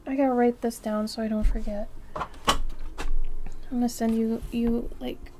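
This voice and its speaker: A woman artist chatting casually with her live-stream viewers, often dropping to a soft near-whisper and breaking into excited exclamations. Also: a little high, normal speed, long pauses, faint music behind.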